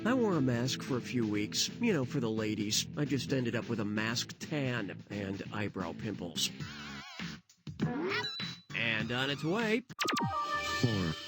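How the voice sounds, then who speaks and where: A man voicing a snarky quiz show host, tossing off sarcastic asides over loud game music. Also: on the high side. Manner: sarcastic, quick-witted asides. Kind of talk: comedic quiz game hosting.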